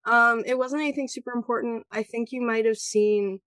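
A woman narrating a tabletop role-playing game as game master, lively and prone to swearing. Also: fairly high pitch, brisk. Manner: animated, swearing freely.

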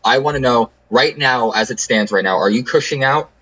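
A man hosting a casual sports podcast builds his argument with emphatic, repetitive phrasing, repeating words to drive points home. His mid-range voice is pushed, bright and husky at normal speed, and the audio is poor.

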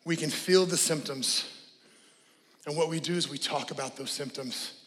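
A middle-aged male pastor preaching with animated energy, swinging between shouted exhortation and joking asides. His voice is fairly high for a man. It carries through a large church with a long, trailing reverb. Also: moderate pace. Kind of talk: sermon. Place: church sanctuary.

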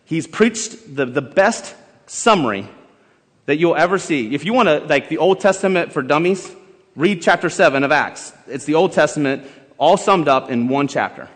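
A man preaching a sermon, emphatic and building to loud exhortation, in a church sanctuary. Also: on the high side, animated, moderate pace. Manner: emphatic, rising to shouted exhortation, leads the congregation in song. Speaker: pastor. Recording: long hall reverb with faint music.

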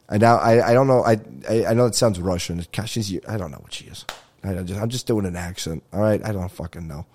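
A man's voice: on the low side, fast talker, darkish tone. A male comedian hosting his own podcast, telling rambling stories with swearing and laughter. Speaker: podcast host. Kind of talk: casual comedic monologue.

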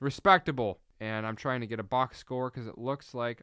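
A man hosting his own sports podcast, talking alone in a sarcastic, animated rant that wanders and corrects itself. His voice is smooth and clear. The sound is dry and close, with no room around it. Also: mid-range voice, moderate pace, hardly any pauses, no room sound.

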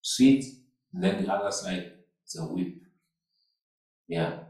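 A man's voice: sits low, a little mellow. A man preaching a sermon as pastor, repeating phrases and calling out to the congregation. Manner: slow, repetitive preaching with call-outs to the congregation. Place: church hall. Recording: echoey hall, mic far off.

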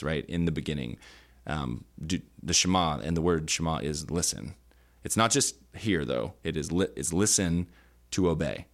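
Brief: deep-voiced male podcast co-host, earnest, thinking aloud with fillers. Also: vocal fry. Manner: earnest, searching for words with many fillers. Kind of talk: conversational Bible teaching. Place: indoor podcast studio.

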